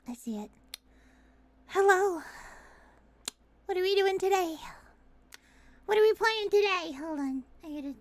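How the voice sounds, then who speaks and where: A woman streamer chatting casually on a livestream, excitable and foul-mouthed, often breaking into shouts and laughter. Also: very high-pitched, no echo. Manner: excitable, swears a lot, bursts into shouting and laughter.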